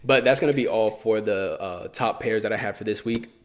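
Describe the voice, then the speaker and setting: A man with a fairly low voice talks through trading charts in a relaxed, conversational way. He thinks aloud, circles back and repeats phrases as he points things out. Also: a little fast. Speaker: forex trading YouTuber. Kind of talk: casual chart walkthrough.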